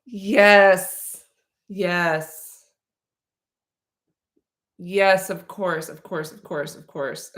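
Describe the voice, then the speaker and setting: A woman of Slavic heritage hosts a casual livestream Q&A, answering questions in a rambling, playful way full of fillers and restarts. Her mid-range voice is expressive, slow and a bit bright, and the room echoes.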